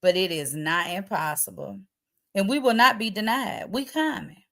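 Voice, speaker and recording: A woman hosting a casual livestream chat. She reads viewer comments aloud and answers them in relaxed, colloquial slang. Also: mid-range voice, moderate pace. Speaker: livestream host.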